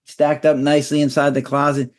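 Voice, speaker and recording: A man in his sixties, a physician guest in an interview, explaining in a lively way and acting out little scenes in a raised voice. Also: fairly high pitch, a little fast. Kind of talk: conversational interview.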